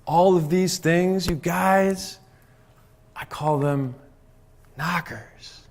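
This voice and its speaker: A man giving a lively talk to a live conference audience, often checking in with "right?" and "okay?". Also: high-pitched, takes it slowly. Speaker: conference speaker.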